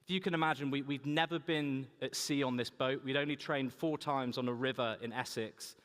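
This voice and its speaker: A man's voice: medium pitch, steady tone, a little fast, a bit bright. A young man giving a humorous keynote talk, telling anecdotes to a large audience. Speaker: keynote speaker. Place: large conference hall. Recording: echoey hall reverb.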